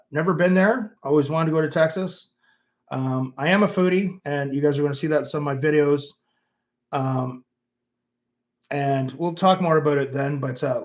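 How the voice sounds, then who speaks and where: A man's voice: fairly high pitch, dull audio. A middle-aged man with a Canadian accent, hosting a casual livestream and reading viewers' comments aloud in a musing, rambling way full of fillers. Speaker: host of his own channel.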